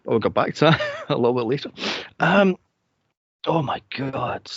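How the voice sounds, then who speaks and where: A man hosting a movie podcast in casual chat, animated and laughing often as he acts out quotes. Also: medium pitch, moderate pace, slightly rough, no echo, lo-fi sound. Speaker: podcast host.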